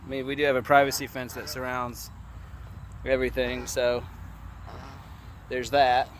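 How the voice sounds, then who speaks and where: Slow-talking man on a noisy farm tour. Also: little pitch movement. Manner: chatty, talks to the animals in a higher coaxing voice. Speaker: vlogger giving a farm tour. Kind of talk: casual walking tour narration. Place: outdoors on a small farm. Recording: noisy outdoor recording with farm animals. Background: geese honking and farm animals.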